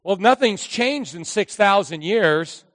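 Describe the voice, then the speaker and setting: Pastor, male, high voice, animated sermon delivery, dry close mic with a long hall tail. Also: slow. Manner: animated, acts out voices of characters.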